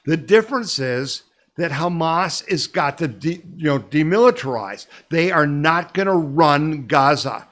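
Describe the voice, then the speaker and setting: A man's voice: a little high, lively intonation, unhurried, fairly bright tone. A man hosting a weekly news podcast, talking emphatically and urgently and pressing listeners to act. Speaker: podcast host.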